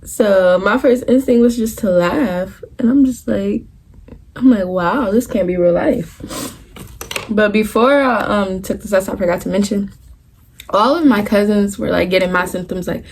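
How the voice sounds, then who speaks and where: A woman's voice: mid-range voice, normal speed, darkish tone. Candid young woman telling a story. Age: 20s. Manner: candid, profane, addresses viewers directly; talks in loose run-on asides, restarts the story. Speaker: vlogger. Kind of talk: casual storytime.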